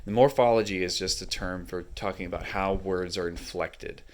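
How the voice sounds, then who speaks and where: A very deep-voiced man walks through a book one page at a time, explaining things at an unhurried pace. Like a casual hobby reviewer, he peppers his pauses with plenty of ums and uhs.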